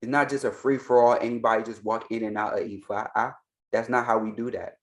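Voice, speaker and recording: A man's voice: medium pitch, steady tone, brisk, a bit bright. A man with a mid-range voice who speaks with heavy emphasis. He comments like a reaction host, drumming key lines again and again. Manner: emphatic, insistent, repeats points. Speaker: Ifa priest and reaction commentator.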